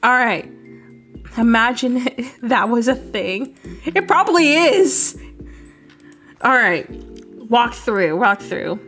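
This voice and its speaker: A woman's voice: a little high, expressive, slow pace, long pauses, a bit bright, soft background music. A young woman from the United States, chatting casually and laughing while streaming a video game. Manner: chatty, laughing, rambling with fillers.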